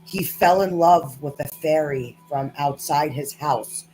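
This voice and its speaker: A woman voicing a calm, grave old male wizard in a tabletop game. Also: deep voice, measured pace, soft background music, rough recording.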